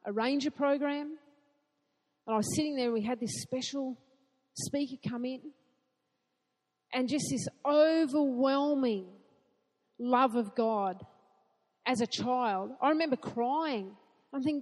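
A woman preaching a sermon in an earnest way, asking rhetorical questions and building to excited emphasis. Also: sits high, measured pace, long pauses, long reverb tail.

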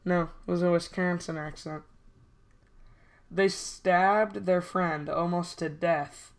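A woman's voice: fairly low pitch, fairly even intonation, vocal fry. Young woman reading a creepy story aloud. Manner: halting reading with restarts and self-corrections. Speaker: podcast co-host.

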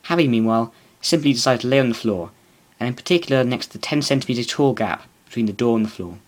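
A man's voice: medium pitch, fast talker. A man reading comic extracts from his own story aloud and closing with a podcast sign-off. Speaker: reader and podcast host.

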